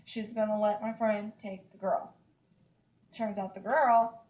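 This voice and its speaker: A woman's voice: mid-range voice, level tone, measured pace, a little mellow, muffled recording. Upset woman ranting to her viewers. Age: 30s. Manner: emphatic, repetitive, fillers like "like, seriously". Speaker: vlogger. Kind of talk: upset casual rant to camera.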